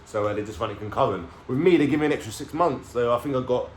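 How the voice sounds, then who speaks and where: A man's voice: medium pitch, quick pace. A man telling his life story to camera in casual street slang, swearing and checking in with "yeah?". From London. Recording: echoey room with faint background noise.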